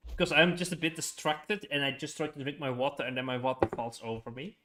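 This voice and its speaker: A man's voice: mid-range voice, fairly even intonation, quick pace, a bit bright, slight background noise. A young man chatting casually on a gaming livestream, rambling with frequent chuckles and filler words.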